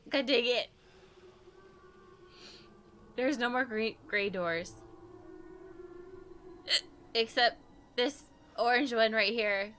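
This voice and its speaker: A woman's voice: a little high, big pitch swings, very slow, long pauses, fairly bright tone, soft background music. A tipsy woman streamer chatting casually while playing a game, hiccuping, giggling and swearing often. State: tipsy from drinks. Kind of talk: casual gaming stream chat.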